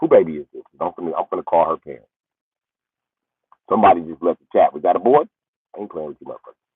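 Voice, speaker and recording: Husky man ranting over tinny audio. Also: fast talker, dry recording. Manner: swings between high yelling and low muttering. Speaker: livestream comedian. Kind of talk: profane comedic rant.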